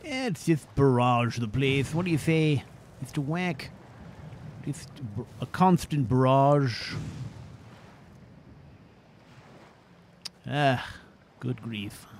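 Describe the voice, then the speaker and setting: A man's voice: mid-range voice, slight background noise, natural voice. A man voicing a fussy, bookish male adventurer who talks in prim, formal phrases and grumbles aside during gameplay. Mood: wry. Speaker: gameplay narrator voicing his character. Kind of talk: in-character gameplay commentary.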